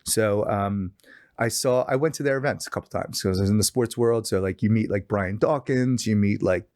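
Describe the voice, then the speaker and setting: A man's voice: on the low side, moderate pace, no echo, clean studio sound. A middle-aged man as a podcast guest, telling a story in casual chat and acting out quoted lines in a raised voice. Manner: animated storyteller, acts out quoted dialogue with raised voice.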